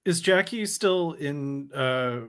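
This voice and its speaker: A man co-hosting a podcast, chatting casually with quick, apologetic interjections. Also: on the high side, animated, a bit bright, clean tone. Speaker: podcast co-host. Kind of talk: casual chat.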